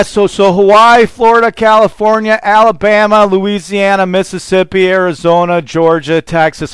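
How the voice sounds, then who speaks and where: A man preaching a fervent sermon in a smooth, resonant voice that sits a little high. He rambles and calls out to his listeners. The sound is dry, with no room echo. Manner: fervent, rambling, call-and-response exclamations. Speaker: pastor.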